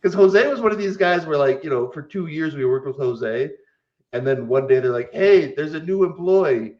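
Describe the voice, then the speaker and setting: A man's voice: medium pitch, moderate pace. A man co-hosting a podcast, telling stories in a rambling casual way and laughing as he goes. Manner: rambling, laughs through his stories, many fillers. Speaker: podcast co-host. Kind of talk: casual chat, storytelling. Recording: dull lo-fi audio.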